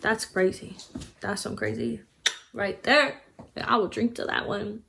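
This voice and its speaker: A woman's voice: mid-range voice, measured pace, vocal fry, fairly bright tone, a little hiss or hum. A woman giving a casual book review, chatting as she retells the story and acting out the characters' lines.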